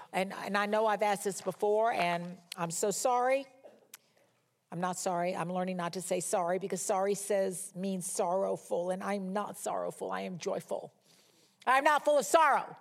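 A woman giving a conversational sermon as a Bible teacher, emphatic and repeating key words for stress. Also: mid-range voice.

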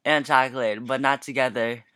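A man's voice: medium pitch, fairly even intonation, normal speed, a crowd in the background. A young man co-hosting a casual podcast, telling stories in a playful, joking way. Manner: playful, jokey storytelling. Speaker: podcast co-host. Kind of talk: casual chat.

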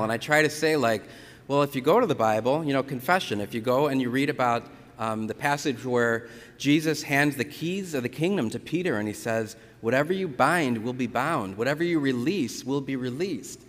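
A Catholic priest giving a conversational sermon, telling stories from the pulpit with lively retellings. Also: male voice, medium pitch, moderate pace. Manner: conversational storytelling, animated retellings. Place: church. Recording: church reverb.

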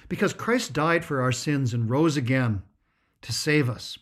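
A man's voice: mid-range voice, fairly bright tone. A man giving a Christian spiritual talk, emphatic and repetitive, stretching out key words. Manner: emphatic, repetitive, drawn-out stresses. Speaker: Christian speaker.

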